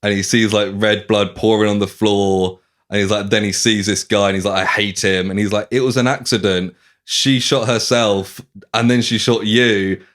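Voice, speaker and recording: A man's voice: lowish voice, normal speed. A man hosting a podcast, casually retelling a novel's plot and acting out the characters' lines. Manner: animated retelling, acting out lines with swearing and laughs. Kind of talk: casual chat.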